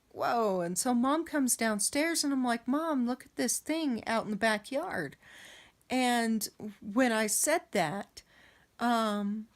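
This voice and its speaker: A woman telling a story about a dream in a casual, rambling way, with many pauses and restarts. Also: a little high. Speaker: vlogger recounting dreams. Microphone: camera.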